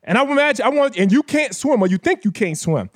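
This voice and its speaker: A man's voice: extremely high pitch, very animated, fast. A man co-hosting a podcast in casual chat, speaking passionately and addressing listeners directly in a motivational way. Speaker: podcast co-host.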